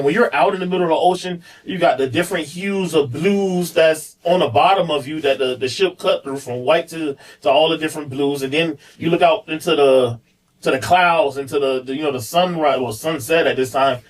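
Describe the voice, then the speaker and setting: A man's voice: on the high side, brisk, far from the mic, poor audio. A man on a podcast, candidly telling a personal story in a rambling way, full of fillers and repeats. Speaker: podcast guest, police officer.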